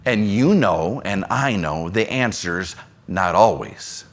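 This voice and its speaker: A man preaching a sermon in a conversational way, dropping into soft low asides between emphatic lines. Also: animated, slow pace. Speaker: pastor.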